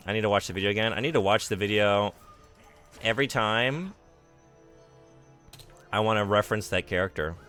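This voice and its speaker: A man's voice: fairly low pitch, fairly quick, long pauses, fairly bright tone, clear, resonant tone, soft background music. A man streaming a game, chatting casually with his viewers and poking fun at himself. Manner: chatty, self-deprecating, reads and answers chat. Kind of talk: casual live-stream chat while gaming.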